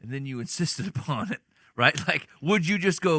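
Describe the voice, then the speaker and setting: A man's voice: a little high, expressive, moderate pace, sharp tone, no room sound, studio quality. A man co-hosting a casual podcast chat, teasing the others and arguing with playful examples. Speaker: podcast co-host.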